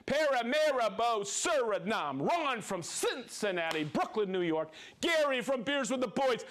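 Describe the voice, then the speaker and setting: A man's voice: very high-pitched, big pitch swings, unhurried, fairly bright tone, a little hiss or hum. A man hosting a livestream, reading out viewer names and hometowns with upbeat cheering and chatty asides. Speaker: livestream host. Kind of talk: reading viewer shout-outs.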